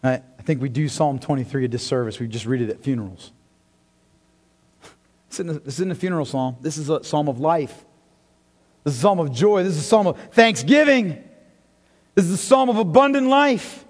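A man preaching a sermon in a church, impassioned and swinging between loud and hushed delivery. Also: a little high, expressive, a little fast, pauses often. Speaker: pastor. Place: church sanctuary. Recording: long hall reverb.

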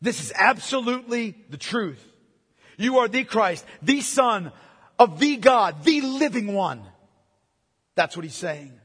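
A man preaching a sermon as pastor, emphatic, swinging from loud declarations to hushed, intimate passages. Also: high-pitched, sing-song, unhurried, breathy edge, in a large hall.

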